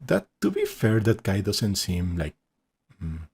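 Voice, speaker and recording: A man with a very low, husky voice talks through a reaction video. He speaks casually and hesitantly, restarting his sentences and laughing often. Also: wildly swooping pitch, measured pace, darkish tone.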